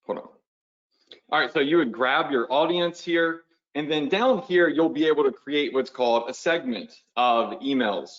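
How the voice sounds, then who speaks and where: A man's voice: a little high, normal speed, fairly bright tone. A man teaching a live online webinar, talking viewers through steps casually and checking in with "right?". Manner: casual, talks the viewers through steps while drawing on screen; conversational, uses "y'all" and "right?". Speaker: online business coach. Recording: slightly dull lo-fi webinar audio.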